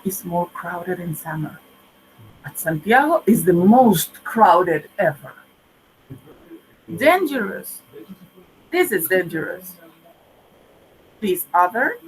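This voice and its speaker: A woman teaching an English grammar lesson, explaining slowly and patiently with many examples. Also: mid-range voice, a little hiss or hum, rough recording. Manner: slow, patient, spells out endings with examples.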